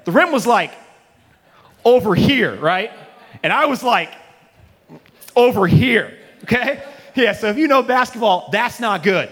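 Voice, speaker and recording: High-voiced, joking preacher telling a story. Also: male voice, fairly bright tone, in a large hall. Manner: casual, joking, self-deprecating storyteller; acts out his own past reactions. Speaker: pastor. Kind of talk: sermon with a personal story. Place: church auditorium with a live congregation.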